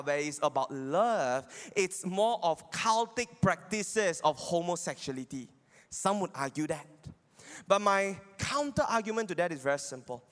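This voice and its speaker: A man giving a teaching sermon, arguing his points and checking in with listeners. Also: sits high. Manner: argumentative, often asks listeners "right?". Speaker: Bible teacher. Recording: long hall reverb.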